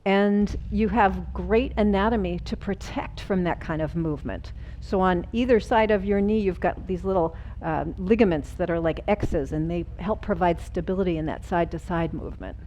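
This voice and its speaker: A woman teaching a chair yoga class, calmly guiding movements and explaining the breath and the body. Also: on the low side, normal speed, few pauses, highs cut off, a little hiss or hum. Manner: calm, explanatory, gently encouraging. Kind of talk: guided exercise class.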